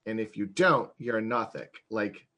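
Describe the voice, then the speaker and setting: A man chatting as a guest game master on a podcast, eager and rambling with quick asides. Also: on the low side, pushed and bright, slight background noise. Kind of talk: casual podcast chat.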